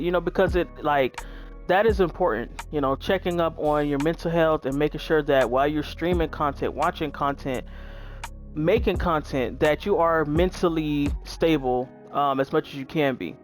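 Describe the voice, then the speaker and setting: Chatty woman gamer talking to viewers. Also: low-pitched. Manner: chatty, relaxed, says "y'all" and "um" a lot. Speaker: gaming YouTuber. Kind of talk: casual gameplay commentary.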